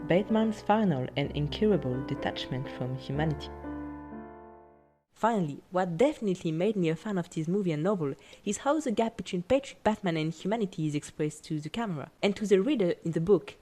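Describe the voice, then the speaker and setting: A woman narrating a scripted video essay in an even, careful reading voice. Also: on the low side, fast talker, few pauses, faint music behind.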